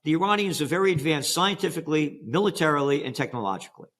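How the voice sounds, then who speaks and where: A man's voice: on the high side, lively intonation, fast talker, fairly bright tone. An older American man on an interview, emphatic and sarcastic, firing rhetorical questions. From United States. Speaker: interview guest. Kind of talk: animated interview talk.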